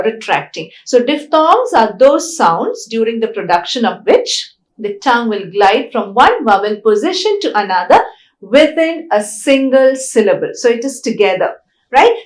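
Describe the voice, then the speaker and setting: A woman giving a recorded phonetics lecture, slow and deliberate, often checking in with "right?". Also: on the high side. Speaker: English lecturer.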